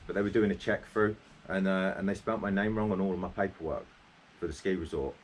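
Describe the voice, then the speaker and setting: A man's voice: sits low, steady tone, fast talker, slight background noise. A man co-hosting a casual chat, telling funny stories from his time as a holiday rep with plenty of laughter. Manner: laughing anecdotal storyteller. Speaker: podcast co-host, former holiday rep.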